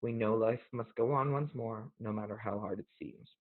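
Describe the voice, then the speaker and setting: A man hosting a show, talking casually in an earnest, reflective way and reading poems aloud, gently emotional. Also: on the low side, normal speed. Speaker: podcast host. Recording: tinny phone-like audio.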